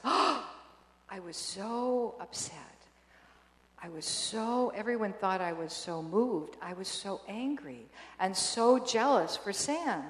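An older woman telling a personal story to an audience, animated and emotional, with many restarts and bursts of laughter. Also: mid-range voice. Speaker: speaker giving a personal testimony. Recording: echoey hall with long reverb.

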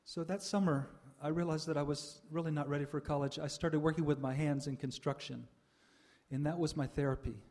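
An older man giving a reflective personal testimony to an audience, pausing often with "uh" and soft laughs. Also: on the high side, steady tone. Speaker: speaker sharing a spiritual life story.

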